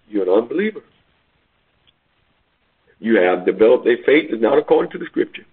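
A man a sermon, repeating his points in call-and-response style and rising to near-shouts on key lines. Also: mid-range voice, very animated, fairly quick, long pauses, breathy edge. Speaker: preacher. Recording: tinny phone-like radio broadcast.

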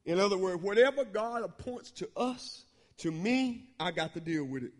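A man preaching a sermon in a church, using call-and-response and swelling into half-sung shouts. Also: high voice, expressive, moderate pace. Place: church sanctuary. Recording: long church hall reverb.

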